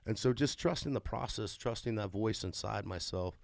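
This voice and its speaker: A man in his forties speaks in a low, gravelly voice, dry and close to the mic. He talks candidly and emotionally, cursing freely and building into excited bursts. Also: normal speed, no echo. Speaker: father sharing his story. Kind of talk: candid testimonial talk.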